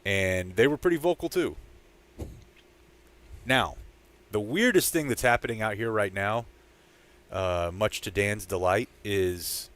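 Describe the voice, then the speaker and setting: A man co-hosting a sports podcast, telling a story in a casual, animated way and shouting out what fans yelled. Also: medium pitch. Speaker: podcast co-host. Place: training camp site.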